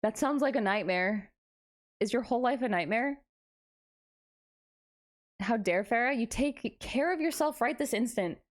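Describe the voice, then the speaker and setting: With a fairly high, expressive voice, she speaks at a measured pace with long pauses. She's a young VTuber streaming live late at night, giddy and tired, joking at her own expense and playfully reading and answering her chat aloud.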